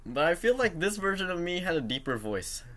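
A teenage boy hosting a casual reaction video at home, excitable and self-mocking, saying "bro" a lot. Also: high voice, fairly quick, slight background noise. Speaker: channel host reacting to his own old basketball video.

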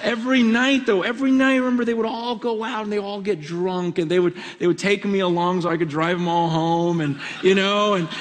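A man's voice: high-pitched, steady tone, a little fast, hardly any pauses. A middle-aged man preaching a conference sermon, earnest and pleading, with stammering restarts. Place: large conference hall. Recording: long hall reverb.

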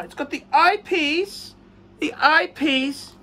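A middle-aged man hosting his own vlog, chatting casually through a live unboxing, excitable and humming to himself as he opens a parcel. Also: very high-pitched, takes it slowly, slight background noise. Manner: excitable, hums while working, mock-sarcastic. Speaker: vlog host.

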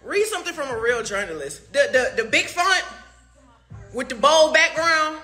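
A woman's voice: high voice, very animated, moderate pace, sharp tone, faint music behind. A young woman in a heated, profane livestream rant, firing off rhetorical questions. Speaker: artist speaking to fans.

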